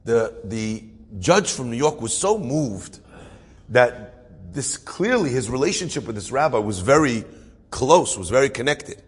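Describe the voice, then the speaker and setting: Animated storytelling rabbi, husky. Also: male voice, a little high, moderate pace, big-room sound. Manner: animated storyteller with asides and laughs. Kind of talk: spoken sermon story.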